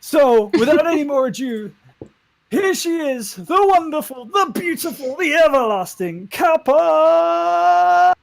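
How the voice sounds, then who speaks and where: A man voicing a proud female ship captain hosting a party, in a high put-on voice with a wobbly Celtic lilt. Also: animated, takes it slowly, creaky, full character voice, rough recording. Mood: grand, showy.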